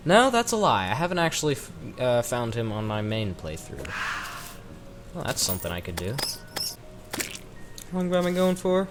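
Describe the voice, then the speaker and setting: A gaming commentator from the American South gives rambling, chatty let's-play commentary in a mid-range voice, adding self-mocking asides. He talks into a desk microphone, with a noisy background behind him.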